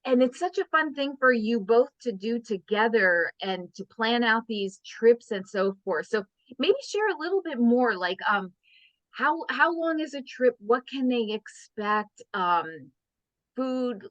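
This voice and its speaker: A woman's voice: fairly high pitch, lively intonation, unhurried, a bit bright, no room sound. A woman hosting a business-coaching interview, enthusiastic and full of praise. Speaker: host, wealth and business coach. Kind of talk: podcast interview. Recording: dull, dry lo-fi audio.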